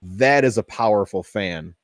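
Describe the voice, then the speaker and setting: Slow-talking man in a workshop vlog. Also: on the low side, no room sound. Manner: chatty, thinking aloud, easily excited. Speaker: 3D printing hobbyist host. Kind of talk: casual workshop build vlog.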